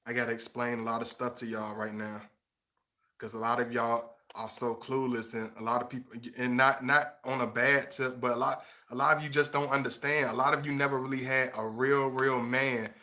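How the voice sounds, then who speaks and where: A man's voice: medium pitch, level tone, normal speed, pushed and bright. A young man lecturing his viewers bluntly and passionately, stumbling over repeated words as he pushes his point. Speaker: vlogger giving relationship advice. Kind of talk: casual monologue to camera.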